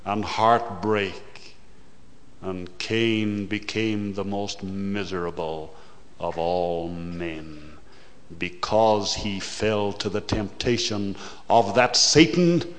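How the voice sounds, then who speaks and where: Slow deliberate preacher guy, lowish voice, big surges, long hall echo. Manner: slow, deliberate preaching that swells loud and fast in bursts. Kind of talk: sermon.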